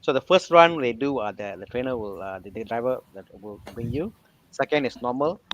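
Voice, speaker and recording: A man's voice: medium pitch, animated, fairly quick, highs cut off. A man with a Malaysian English accent, chatting casually and telling a self-mocking anecdote. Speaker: panelist. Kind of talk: casual chat.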